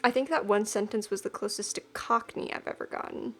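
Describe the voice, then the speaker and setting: A woman's voice: medium pitch, fairly even intonation, brisk, a bit bright. A woman streaming a game, making playful, giggly asides, often half-whispered. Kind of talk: let's-play commentary.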